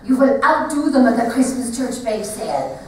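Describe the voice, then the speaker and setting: A woman in a one-woman stage show voicing a cautious, anxious immigrant father in a lower, scolding tone. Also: lively intonation, normal speed, a little hiss or hum, lightly acted. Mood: stern. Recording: echoey theater from far off.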